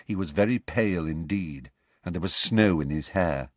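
A man narrating an audiobook with an expressive, varied reading. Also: low voice, normal speed, dry recording.

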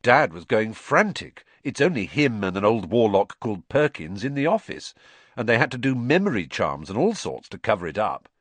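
A chatty teenage wizard tells a tale with lively rises and falls, as a male narrator puts him on. The audiobook sound is dry and close. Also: on the low side, normal speed, dry recording. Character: gangly teenage boy wizard, chatty youngest son.

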